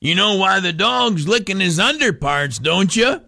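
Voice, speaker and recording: A man's voice: high-pitched, lively intonation, a little slow, gravelly, pushed and bright, voice pushed up, full character voice. A man putting on a grizzled old grandpa who thinks he is hilarious, in a smug, teasing drawl.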